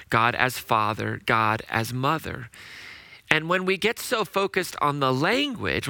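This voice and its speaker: A male pastor delivers an earnest, conversational sermon, pausing and restarting as he goes. His voice is very bright and forward. The sound is dry and close, with no room echo. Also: mid-range voice.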